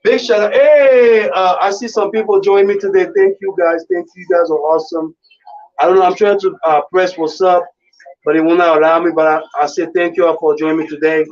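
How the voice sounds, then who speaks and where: Excitable high-voiced radio host. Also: male voice, fairly quick, far from the mic, lo-fi sound. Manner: loud, excitable, chanting ad-libs. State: voice going raspy. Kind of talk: hype live radio banter.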